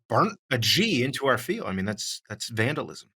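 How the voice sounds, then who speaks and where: A man's voice: medium pitch, big pitch swings, normal speed, hardly any pauses, sharp tone, slightly rough. Rambling man podcast co-host. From Miami. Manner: rambling, many restarts, laughs through points. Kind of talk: casual chat.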